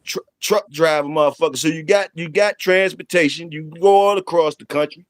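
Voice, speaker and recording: A man's voice: on the high side, fairly quick, clear, resonant tone, no room sound, studio quality. Laughing, profane man. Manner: laughing, profane, teasing banter. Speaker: channel host. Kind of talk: casual livestream chat.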